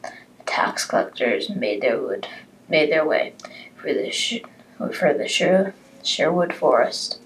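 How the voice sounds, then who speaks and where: A woman telling a story off the cuff, halting, with many restarts and fillers. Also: deep voice, sing-song, a little hiss or hum, low-quality recording. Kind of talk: improvised story reading.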